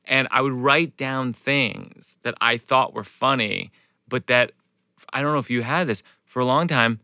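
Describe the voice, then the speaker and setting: A man's voice: medium pitch, measured pace, sharp tone, clean tone, no room sound, clean studio sound. A man from Massachusetts, a comedian talking casually and laughing at himself on a podcast. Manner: self-deprecating, laughs often. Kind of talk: casual chat.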